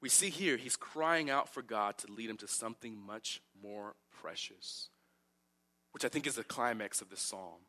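A man, a pastor preaching a sermon and telling a personal story, swinging from loud emphatic cries to quiet, low asides. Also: moderate pace, few pauses. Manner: animated storyteller, loud emphatic peaks then dropping quiet.

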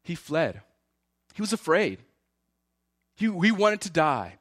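A man's voice: a little high, normal speed, dry recording, studio quality. A man preaching a sermon, voicing the words of biblical figures with feeling. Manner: animated preaching, voices Elijah's and God's words with feeling. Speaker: pastor.

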